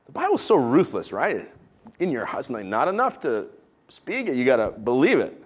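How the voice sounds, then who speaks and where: A man preaching a sermon, raised in Israel, animated and jokey, swinging between loud emphatic lines and sudden quiet, hushed ones. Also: medium pitch, moderate pace, breathy edge. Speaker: pastor.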